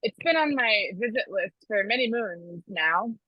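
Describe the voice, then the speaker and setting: A woman's voice: mid-range voice, animated, a little slow, no echo, highs cut off. An American woman sharing devotional news in a casual, chatty way, laughing often and correcting herself as she goes. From United States.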